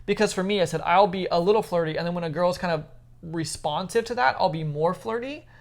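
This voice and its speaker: A man's voice: high voice, a little fast. Easygoing man podcast co-host. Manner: easygoing, conversational, a bit rambling. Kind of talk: casual chat.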